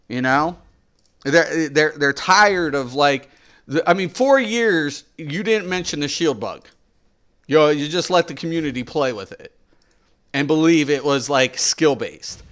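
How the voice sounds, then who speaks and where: An exasperated middle-aged man rants on a game stream, hammering his points home by repeating them. He swears freely and talks straight at his viewers. His voice sits a little on the high side. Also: a bit bright. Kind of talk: ranting stream commentary.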